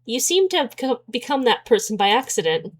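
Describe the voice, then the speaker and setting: A woman reading as a calm, steady young man. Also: fairly high pitch, fairly quick. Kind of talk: reading a visual novel aloud.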